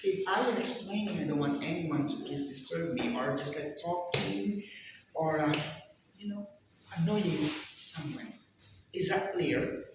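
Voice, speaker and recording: A strict male teacher drills a class through a grammar lesson in an unhurried, somewhat high voice. A distant camera picks him up far off in a very echoey room with faint background noise.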